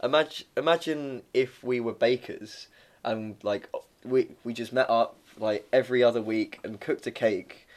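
A man's voice: medium pitch, unhurried. Jokey young English man on a podcast. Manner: chatty, jokey storytelling, laughs often. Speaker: podcast co-host. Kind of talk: casual chat.

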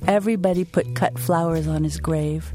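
A woman from the United States performing a personal story and then talking as an interview guest, vivid and expressive. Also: deep voice, normal speed, over music.

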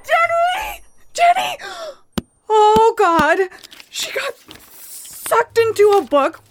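An actress playing a scared, sharp-tongued young woman lost in a dark forest, jittery and sarcastic, swearing when she panics, in an audio drama. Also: fairly high pitch, animated, normal speed, very noisy, close to an everyday voice. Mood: panicked. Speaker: voice actor.

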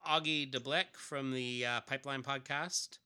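A man's voice: mid-range voice, steady tone, moderate pace, bright, forceful tone, smooth. A man co-hosting a comics podcast, chatting casually and enthusiastically. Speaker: podcast co-host. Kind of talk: casual chat.

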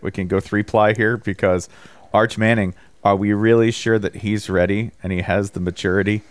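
Co-host, man, low joking voice, dry close sound. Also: dry recording. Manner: joking, laughs often. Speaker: podcast co-host. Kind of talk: casual chat.

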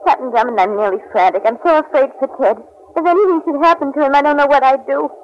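An actress in 1940s radio acting, playing a frightened young wife who pleads in frantic distress. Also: female voice, sits high, fast talker, slight background noise, natural voice. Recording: dull old radio recording.

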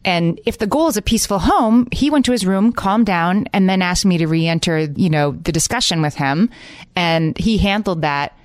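A woman in her forties talks through parenting moments in a calm, reflective way and pokes fun at herself. Her voice sits a bit low, and the recording is close and dry, with almost no room sound. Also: normal speed, no room sound. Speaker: podcast co-host. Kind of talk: casual parenting chat.

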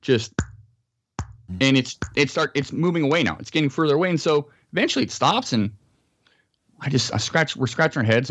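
An American man, a podcast guest, telling a story in a casual interview and acting out sounds and quotes. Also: mid-range voice.

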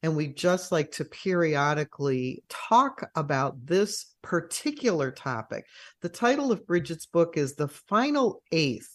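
Measured co-host, unhurried delivery, mid pitch. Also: very animated. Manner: measured, deliberate. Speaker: radio co-host. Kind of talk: casual interview chat.

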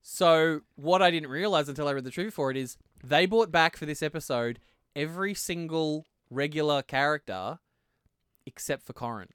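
A man's voice: fairly high pitch, moderate pace, a bit bright, smooth, dry recording, studio quality. A man co-hosting a podcast, chatting casually about a TV show, laughing often and restarting his sentences. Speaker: podcast co-host. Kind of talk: casual chat.

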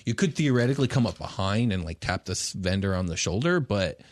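A man's voice: lowish voice, animated, fairly quick, no echo, studio quality. A man narrating as game master in a loose, chatty way, full of fillers.

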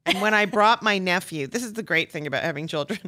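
A woman's voice: lowish voice, fast talker, bright, forceful tone. A middle-aged woman, an actress and comedian guest, telling funny anecdotes, laughing often and acting out the voices in her stories.

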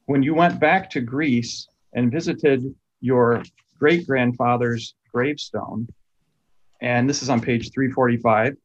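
A man interviewing an author, asking his questions in a measured, unhurried way. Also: mid-range voice, fairly even intonation, slightly rough. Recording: dull, muffled recording.

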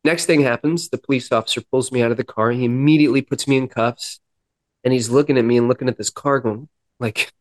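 A young man speaks as a podcast guest, recounting his own past in a candid, earnest way. His voice sits at a middle pitch, and he often slips into quoting what he and others said. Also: steady tone, fast. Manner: earnest, reflective, quoting himself and others in dialogue. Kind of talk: candid personal storytelling.

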